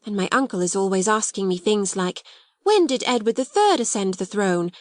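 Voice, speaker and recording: A woman's voice: medium pitch, animated, normal speed, a little mellow, no room sound, studio quality, close to an everyday voice. A woman voicing a plump young schoolgirl who speaks frankly and reflectively. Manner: reflective, plain-spoken.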